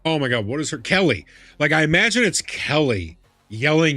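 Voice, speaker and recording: A man live streaming a game, chatting casually and reacting excitably, laughing and swearing as he goes. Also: on the high side, moderate pace, no echo. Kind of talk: casual chat while gaming.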